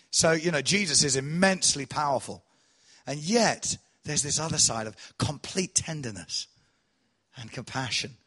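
A man preaching to a congregation, telling a testimony with animated storytelling that swells loud and then drops soft. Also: fairly high pitch, moderate pace, slightly rough. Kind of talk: sermon testimony.

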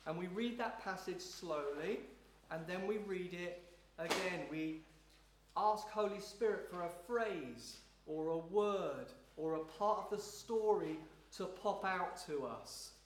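A man leading a congregation through a slow, prayerful devotional teaching in a church room, with repetitive phrasing. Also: high-pitched. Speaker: pastor leading a service. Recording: roomy echo, faint noise.

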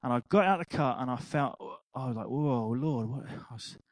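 An older man preaching a sermon, telling an anecdote with laughter and animated asides. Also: medium pitch, a little fast, dry recording, poor audio. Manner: animated storytelling, laughing at his own anecdote.

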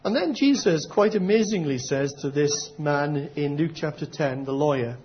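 A man's voice: on the high side, normal speed, muffled recording. A middle-aged man preaching a sermon in an earnest, conversational way, raising question after question. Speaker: pastor.

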